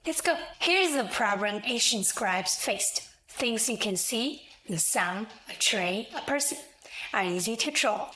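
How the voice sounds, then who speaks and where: A woman narrating a scripted language lesson, explaining slowly, clearly and deliberately. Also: a little high, animated, sharp tone, low-quality recording. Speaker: language teacher.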